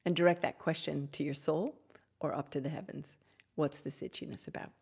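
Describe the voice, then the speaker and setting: A woman hosting a live Q&A on spiritual topics, effusive and gushing, sometimes dropping into soft whispers. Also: low voice, steady tone, fairly quick, gravelly, breathy edge. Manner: warm, effusive, drops to soft whispers at times. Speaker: host answering audience questions.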